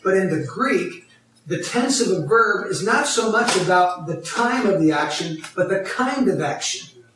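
Working through a Bible passage one step at a time, a male pastor preaches a teaching sermon and poses questions to the congregation. He sounds animated, with a high, fairly bright voice at a measured pace. Captured from a distant mic in an echoey hall, the audio carries slight background noise.

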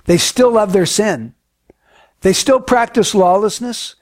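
Earnest high-voiced male preacher. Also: slow pace, no room sound, clean studio sound. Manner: earnest, emphatic, dropping to hushed solemn tones. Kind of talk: sermon.

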